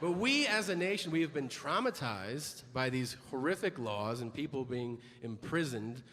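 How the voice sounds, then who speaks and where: Brief: male stand-up comic, lively up-and-down delivery, recorded in a reverberant hall with noise behind. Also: medium pitch, normal speed, a loud crowd. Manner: animated storytelling, profane, many act-outs. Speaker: stand-up comedian. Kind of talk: stand-up comedy.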